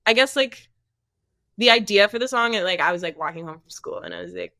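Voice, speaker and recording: Young woman songwriter talking loose w tons of "like"s, bright crisp voice, dry close sound. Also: medium pitch, expressive, a little fast, no echo. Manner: rambling, many "like" fillers. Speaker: singer-songwriter guest. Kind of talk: casual podcast chat.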